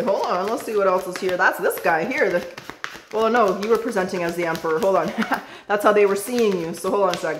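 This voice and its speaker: A woman's voice: medium pitch, slight background noise. A woman giving a casual tarot reading, chatty, calling the viewer baby and swearing now and then. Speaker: tarot reader. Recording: roomy echo.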